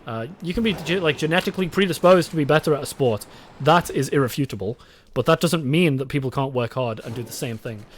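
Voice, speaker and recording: A man's voice: fairly high pitch, fairly quick, a little hiss or hum. Rambling, swearing young British streamer man. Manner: swearing, rambling, reads chat aloud. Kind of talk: casual live-stream chat while gaming.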